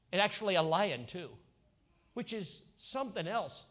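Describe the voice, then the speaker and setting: A male pastor preaching a sermon, telling a Bible story with lively voices for its characters. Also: high voice, moderate pace. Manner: animated storytelling, acting out biblical characters.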